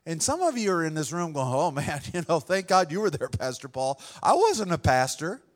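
A man's voice: a little high, very animated, moderate pace. Earnest storytelling male pastor. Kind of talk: sermon. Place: room with a congregation.

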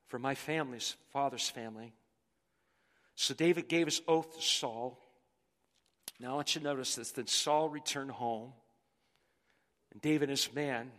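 A man's voice: medium pitch, bright, forceful tone. A male pastor preaching a sermon with emphatic delivery, often repeating words as he drives his points home. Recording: long reverb in a large hall.

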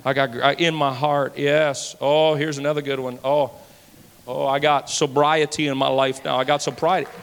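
A high-pitched man preaching from the pulpit of a church, his voice ringing with a long hall reverb. He repeats phrases emphatically, rising to loud declarations, then dropping to near-hushed asides. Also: flat delivery, moderate pace, clear, resonant tone. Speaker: pastor. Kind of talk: sermon. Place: church sanctuary.

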